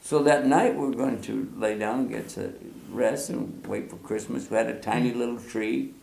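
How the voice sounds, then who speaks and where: A man in his sixties from the United States, telling a personal story in a casual, animated way, chuckling often and acting out remembered voices. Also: mid-range voice, normal speed, creaky. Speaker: storyteller guest. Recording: roomy echo.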